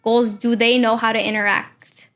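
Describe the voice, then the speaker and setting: A young woman with a fairly high voice, co-hosting a relaxed conversational podcast. She talks in a loose, chatty way, leaning on "like" and "you know" as she thinks aloud. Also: moderate pace. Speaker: podcast co-host, behavior analyst. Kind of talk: casual conversational podcast chat.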